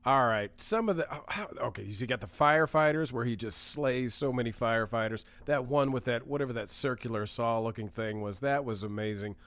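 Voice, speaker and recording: A man's voice: mid-range voice, brisk, hardly any pauses, fairly bright tone, no echo. Enthusiastic man co-hosting a podcast. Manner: enthusiastic, laughs easily. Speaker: podcast co-host. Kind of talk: casual chat.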